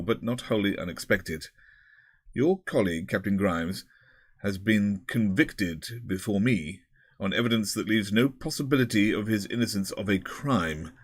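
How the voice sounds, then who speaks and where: A fussy, pompous elderly headmaster, played by a man reading aloud, winds through long formal sentences with small stumbles. The voice sits fairly low and is recorded close and dry, with no room around it. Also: no echo, close to an everyday voice. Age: older. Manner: long-winded, pompous, with hesitations.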